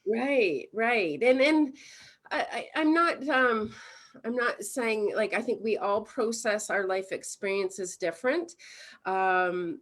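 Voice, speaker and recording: A woman's voice: fairly high pitch, slow. A woman from Canada, a mindfulness coach, chatting casually as an interview guest, laughing often and acting out everyday scenes. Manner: animated storytelling, acts out little scenes.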